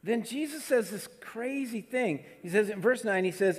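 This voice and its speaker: A man preaching a sermon with animated delivery, at times dropping to soft, hushed tones. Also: sits high, moderate pace, few pauses, slightly rough. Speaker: pastor. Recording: long hall reverb.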